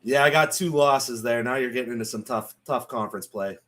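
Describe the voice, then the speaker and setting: A man's voice: mid-range voice, a little fast, fairly bright tone. A man co-hosting a casual sports podcast, chatty and joking as he breaks down college football picks. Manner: chatty, laughs often, joking. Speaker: podcast co-host. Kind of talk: casual sports betting chat.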